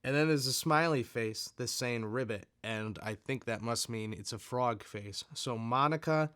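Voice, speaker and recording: A man's voice: medium pitch, unhurried, fairly bright tone, clear, resonant tone, dry recording, clean studio sound. Easygoing man chatting over fan mail. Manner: easygoing, self-deprecating, laughs often. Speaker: video creator. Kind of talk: reading fan letters aloud and chatting.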